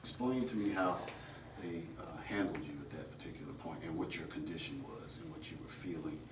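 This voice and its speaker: A man interviewing, asking measured, probing questions. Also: sits low, sing-song. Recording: roomy, distant mic, faint noise.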